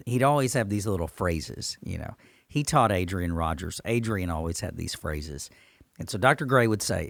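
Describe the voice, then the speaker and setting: A man's voice: low-pitched, animated, normal speed, vocal fry, fairly bright tone, no room sound, studio quality. A man, a pastor, talking earnestly and with emphasis in a church podcast discussion.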